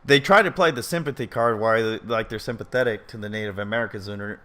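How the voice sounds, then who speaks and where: A man's voice: on the low side, quick pace, bright, forceful tone. A man giving casual commentary as he reads an article aloud, earnest and opinionated, rambling and often stumbling and correcting himself. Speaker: video commentator.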